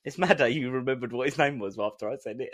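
A giggly man co-hosting a podcast over a video call, his voice rising and falling in a lively way as he jokes around. The sound is close and dry, with no room around it. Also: mid-range voice, fast, no room sound. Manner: giggly, joking, laughs a lot. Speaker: podcast co-host. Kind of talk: casual chat on a video call.

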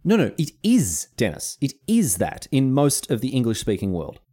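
A man with an Australian accent co-hosting a podcast in casual chat, animated and teasing, often laughing. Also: medium pitch, moderate pace, slightly rough. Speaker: podcast co-host.

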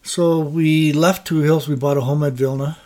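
An older man from Canada, a podcast guest, telling his life story in a steady, plain way with small fillers. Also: a little high, moderate pace. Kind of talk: interview storytelling.

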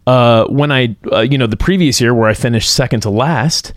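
A man co-hosting a podcast, sharing his own story in relaxed, chatty talk. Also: medium pitch, moderate pace, no room sound, clean studio sound. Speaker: podcast co-host. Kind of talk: casual podcast chat.

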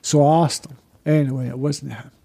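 Husky Scottish man telling stories. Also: mid-range voice, brisk. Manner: rambling, excited anecdote teller. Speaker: podcast guest. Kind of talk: casual storytelling chat.

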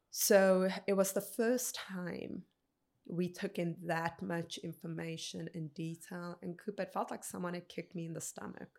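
A woman in her thirties, a podcast guest telling a personal story in an earnest, unhurried way. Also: lowish voice, creaky. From South Africa. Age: 30s.

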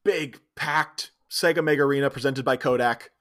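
A man's voice: medium pitch, normal speed, a bit bright. A man co-hosting a podcast, casually retelling a comedy film's plot and acting out characters' lines. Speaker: podcast co-host. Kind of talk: casual comedic movie recap.

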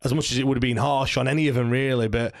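A man's voice: mid-range voice, rapid-fire, vocal fry, dry recording, clean studio sound. A man hosting a football podcast, leading the casual chat and swearing freely. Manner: leads the talk, lively and swearing. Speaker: podcast host.

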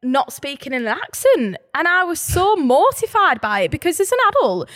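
Northern English woman, animated podcast co-host, high bright voice, passionate teacher talk. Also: normal speed. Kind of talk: casual podcast chat.

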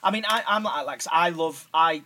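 Sweary Manchester man, bright and fairly high. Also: normal speed. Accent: South Manchester. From Manchester, England. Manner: sweary, rambling, full of fillers. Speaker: podcast co-host. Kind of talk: casual podcast chat.

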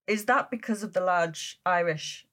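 A woman's voice: fairly low pitch, measured pace. A woman hosting a podcast and chatting expressively with a guest. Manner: expressive, gasping and laughing along. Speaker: podcast host. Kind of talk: casual interview chat.

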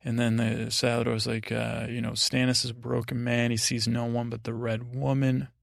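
A podcast host with a mid-range, fairly flat voice and some vocal fry talks at normal speed, rambling through a sleep-aid recap of a TV episode. His retelling meanders and digresses, captured in clean studio sound with no echo.

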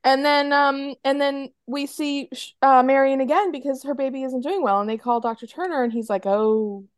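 A woman's voice: high voice, a little fast, no echo, studio quality. A woman co-hosting a podcast, chattily retelling a TV episode with lots of fillers and acted-out quotes. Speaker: podcast co-host. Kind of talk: casual chat recapping a TV episode.

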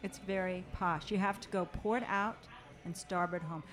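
A woman co-hosting a casual talk show, playful and quick to laugh. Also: on the low side, fairly even intonation, fairly bright tone. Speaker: podcast co-host. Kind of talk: casual chat.

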